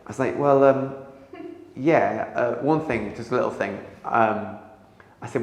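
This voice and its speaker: A man's voice: mid-range voice, measured pace. Man telling a story, echoey room. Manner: animated, acts out dialogue, laughs at his own story. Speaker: comedian guest. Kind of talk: anecdotal interview storytelling. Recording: echoey room with long reverb.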